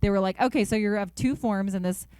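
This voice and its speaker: Upbeat young woman, dry close mic, animated interview guest. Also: medium pitch, quick pace, smooth, no room sound. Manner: animated, upbeat, lots of fillers. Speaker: voice actor guest. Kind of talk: casual interview chat. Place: convention interview.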